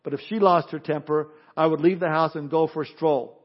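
A pastor with a somewhat high voice preaches briskly and in a steady tone, blending earnest warnings with funny stories. The lo-fi recording sounds dull, its highs muted.

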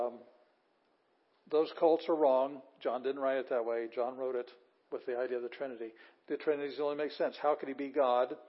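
Husky-voiced man teaching a class. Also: mid-range voice. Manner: emphatic, repeats words for stress. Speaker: Greek language teacher. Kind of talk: classroom lecture. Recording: dull lo-fi class recording.

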